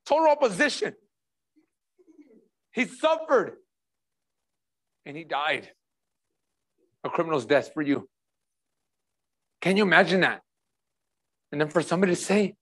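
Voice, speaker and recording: A man's voice: high-pitched, sing-song, a little slow, pauses often, a bit bright. A man preaching a passionate sermon as pastor, repeating rhetorical questions and talking in a casual, conversational way.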